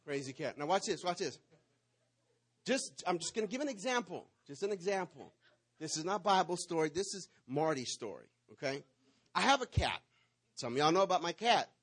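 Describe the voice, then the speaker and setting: A man, preaching to his congregation and telling a lively personal story, swinging between loud bursts and hushed asides. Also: fairly high pitch. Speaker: pastor.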